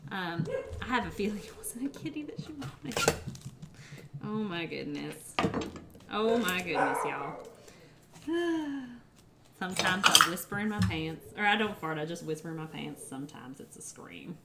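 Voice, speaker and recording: A woman's voice: lowish voice, big pitch swings, a little slow. A woman, chatting casually and giggling with her viewers as she cooks in her home kitchen. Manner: chatty, giggly, rambling, talks to viewers while cooking. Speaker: cooking livestreamer. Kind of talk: casual cooking livestream chat. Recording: loud background noise.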